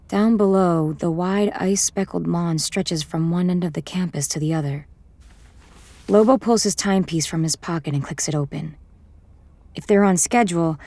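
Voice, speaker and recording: Brief: woman narrator, lowish voice, measured first-person storytelling. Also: a little mellow.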